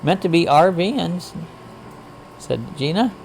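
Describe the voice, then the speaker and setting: A man hosts a casual livestream chat, greeting people and reading viewer comments aloud in a folksy, rambling way full of frequent "uh" fillers. His voice is on the high side, expressive and unhurried, with vocal fry and a darkish tone, and there's a little hiss or hum.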